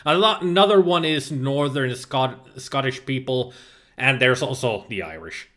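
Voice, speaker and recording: A man's voice: medium pitch, lively intonation, unhurried, fairly bright tone. A man from Finland, a native Finnish speaker, chatting casually as a game streamer, reading viewer chat aloud and answering it with frequent laughs. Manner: laughs often, playful exclamations. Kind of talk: casual livestream chat while gaming.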